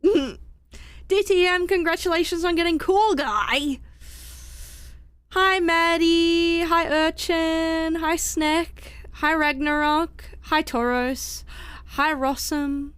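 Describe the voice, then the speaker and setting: A woman live streamer chatting casually with viewers, excitable and giggly, with the hiccups. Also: very high voice, takes it slowly, no room sound. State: has the hiccups.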